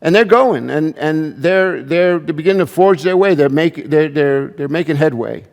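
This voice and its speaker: A man's voice: on the high side, animated, moderate pace, vocal fry, darkish tone. A male pastor preaches with a slightly raised voice in a conversational way, stumbling into restarts and asides as he goes. His words ring out with a long reverb through a church hall. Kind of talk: sermon.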